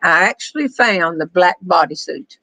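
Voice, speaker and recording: An older woman, chatting and storytelling on a back porch, wry and quick to laugh. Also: lowish voice, lively intonation, pushed and bright, no room sound, low-quality recording. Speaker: storyteller host reading viewer questions. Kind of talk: casual chat with a friend.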